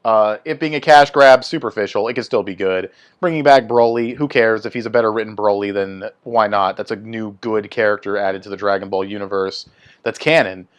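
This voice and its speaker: A man's voice: lowish voice, fairly even intonation, brisk. A young man hosting his own video, giving a blunt, swearing opinion rant in a casual way. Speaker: video host.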